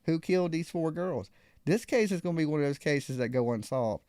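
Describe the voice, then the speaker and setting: A man's voice: a little high, animated, brisk, darkish tone, no echo, clean studio sound. A man hosting a live call-in show, telling a story casually and acting out other people's lines.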